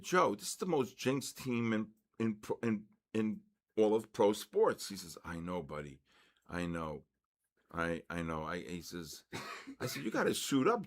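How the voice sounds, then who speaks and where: Hosting a relaxed livestream about trading, an older man with a mid-range voice talks loosely, then bursts into excited shouting as the markets shift.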